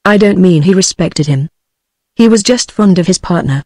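A woman's text-to-speech voice with a British English accent, reading an audiobook in an even, synthetic manner. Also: lowish voice, moderate pace, no room sound. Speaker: narrator. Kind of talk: audiobook narration.

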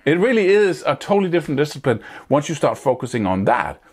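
Animated man teaching guitar. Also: a little high, fast, breathy edge. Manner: animated, hands-on, scats picking rhythms aloud; checks in often with "right?" and "wouldn't you say?". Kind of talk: spoken guitar lesson.

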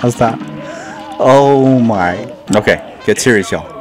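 A man's voice: mid-range voice, takes it slowly. A man casually commenting on his own gameplay, joking at himself and repeating words as he plays. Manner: jokey, self-mocking, repeats words. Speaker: gaming channel host. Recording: game music playing behind.

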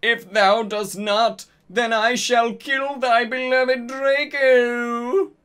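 Voldemort, shrill booming dark wizard. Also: male voice, steady tone, extremely slow, smooth, exaggerated voice. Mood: menacing. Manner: archaic, booming threats. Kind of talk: comedic dramatic reading.

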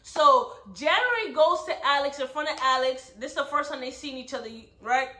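A high, bright-voiced woman gives a casual recap of a book. She tells the story with animation and keeps checking in with listeners. The room sounds echoey. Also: normal speed. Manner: animated storyteller, asks "right?" often. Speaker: book club host. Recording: roomy echo.

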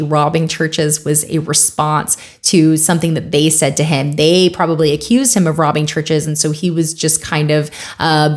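A woman's voice: low voice, darkish tone. A woman talking casually to camera in a commentary vlog, conversational and wry, with many fillers. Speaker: video creator.

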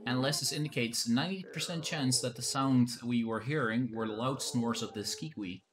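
A man voicing a formal, analytical female sword spirit from a video game, reading the text in a flat way. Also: mid-range voice, a little fast, slight background noise, lightly acted.

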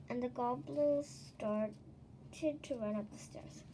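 A woman reading a children's chapter book aloud in an expressive, animated way. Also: on the high side, slow pace, a little hiss or hum, rough recording. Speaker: storybook reader.

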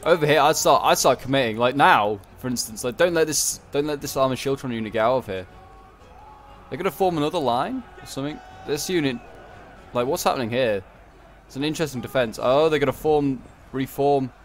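A man's voice: mid-range voice, brisk, faint music behind. A man giving casual, rambling commentary on a strategy game battle, correcting himself and tossing in joking asides. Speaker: gameplay commentator.

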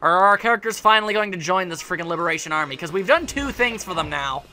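A man's voice: high voice, expressive, fast, bright, forceful tone. A man giving casual let's play commentary, rambling and sarcastic, joking at the game's characters.

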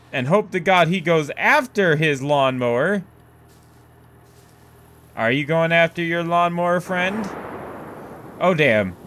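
A young man giving let's play commentary, bursting into loud panicked yells and swearing. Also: on the high side, a little hiss or hum. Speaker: gaming YouTuber.

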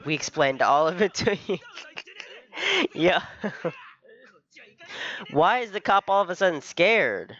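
A young man reacts to an anime episode in loose, slangy chatter, laughing often and tossing in "bro" at every turn. His voice sits somewhat high for a man. The recording sounds dull and lo-fi, like a basic home setup. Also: lively intonation, a little slow, a bit bright. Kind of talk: casual reaction commentary.

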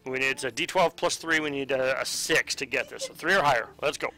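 A man's voice: medium pitch, a little fast, pushed and bright. A man hosting a tabletop card game playthrough, reading card text aloud, counting dice rolls and speaking patiently to a child at the table. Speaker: host running the card game.

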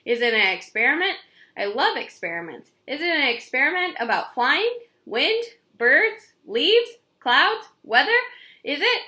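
An eager, curious little girl scientist rattles off questions, as a woman puts her on for a storybook reading. The voice is high and bright and bounces around. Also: sing-song, normal speed, hardly any pauses. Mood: excited.

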